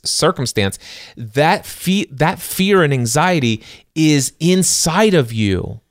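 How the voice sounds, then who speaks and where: A man's voice: medium pitch, dry recording, studio quality. A middle-aged man co-hosting a podcast, talking through a self-help book in an earnest, conversational way with rhetorical questions and frequent restarts. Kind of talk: casual faith-based self-help discussion.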